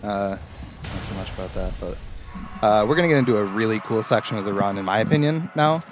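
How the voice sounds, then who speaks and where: Lower-voiced man explaining a speedrun. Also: animated, a little fast, background noise. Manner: explanatory, technical play-by-play. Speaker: speedrun commentator. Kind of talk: live stream commentary.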